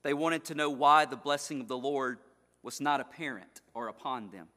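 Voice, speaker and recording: A man's voice: mid-range voice, normal speed, pushed and bright. A man preaching an expository sermon as pastor, with an emphatic, repetitive cadence. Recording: long hall reverb.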